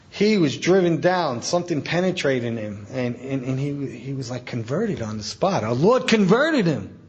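A man preaching a sermon as a Catholic priest, telling stories in a colloquial, animated way with emphatic asides. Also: fairly high pitch. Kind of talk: storytelling sermon. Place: talk at a conference event. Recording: dull lo-fi event recording.

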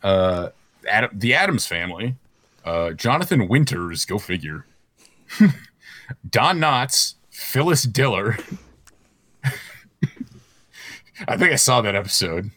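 A man's voice: lowish voice, very animated, slow pace, pauses often, pushed and bright, no room sound. A man hosting a casual chat show, rambling through lists with fillers and laughs. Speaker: host.

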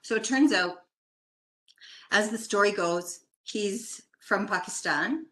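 A woman's voice: mid-range voice, slow pace, a bit bright, roomy sound. An older woman from Canada, a guest chatting animatedly as she tells a long personal story. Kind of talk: casual storytelling.

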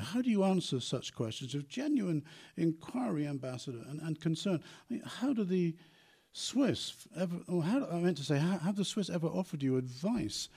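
A male interviewer with a husky, mellow voice puts long, carefully built questions to his guest. He often stops mid-phrase to reword himself. He speaks with a broadcaster's measured formality. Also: fairly high pitch. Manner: long, carefully worded questions with self-corrections. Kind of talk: radio-style interview questions.

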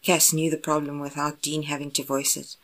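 A woman narrating romance fan fiction in an even, unhurried reading voice. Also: low voice. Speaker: audiobook narrator.

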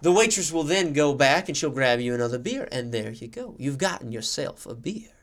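A young man voicing a sleazy old male driver with a slight drawl, in a hushed, insinuating way. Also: mid-range voice, sing-song, a little fast.

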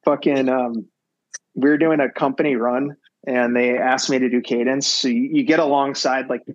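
A man's voice: medium pitch, fairly even intonation, normal speed, no room sound, muffled recording. A man on a podcast telling rambling, profane anecdotes in casual chat. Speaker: podcast co-host.

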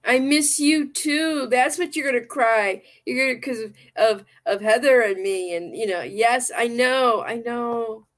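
A woman's voice: a little high, a little slow, hardly any pauses. Chatty woman hosting a livestream. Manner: chatty, rambling and affectionate, often repeating words. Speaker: livestream talk show host and tarot reader. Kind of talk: casual livestream chat.

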